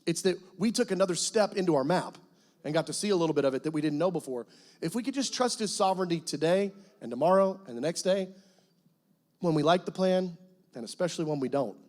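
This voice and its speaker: A middle-aged guest pastor telling a personal testimony in a church, animated storytelling that breaks into loud cries as he acts out prayers. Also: fairly high pitch, fast. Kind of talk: sermon testimony. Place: church sanctuary.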